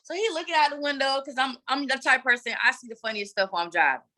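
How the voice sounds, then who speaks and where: A woman guest telling a candid personal story in an earnest, animated way. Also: high-pitched, racing. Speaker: guest advocate.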